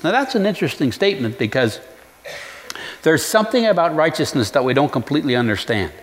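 A male pastor preaching a sermon in an earnest way, pausing to reflect and restarting his phrases. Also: fairly high pitch, sing-song, big-room sound.

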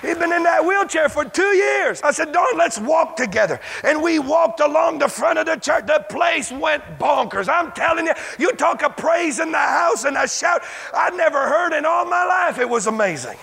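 A man preaching a sermon as pastor, stumbling over repeated words and breaking into shouted exclamations. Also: very high voice, expressive, normal speed, creaky, hardly any pauses, some chatter behind. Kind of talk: sermon with a healing testimony.

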